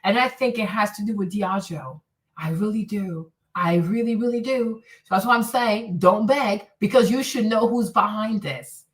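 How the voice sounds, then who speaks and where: A woman's voice: medium pitch, moderate pace, far from the mic. A woman hosting a commentary stream, talking bluntly and scolding with repeated rhetorical questions. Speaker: commentary host. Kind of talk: casual commentary.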